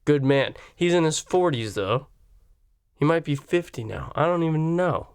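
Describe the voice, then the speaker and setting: Brief: man, fairly high and smooth voice, rambling cussing vlog rant. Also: lively intonation, moderate pace, dry recording, clean studio sound. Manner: swearing, rambling, pitch jumping up when worked up. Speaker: vlogger. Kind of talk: profane comedic rant.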